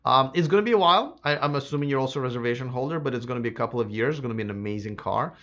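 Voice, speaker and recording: A man hosting a live electric car stream, answering viewer comments in a casual, chatty way, slightly hoarse. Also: medium pitch, animated, very fast, a bit bright, dull audio. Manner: casual and chatty, many fillers and restarts. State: slightly hoarse, losing his voice.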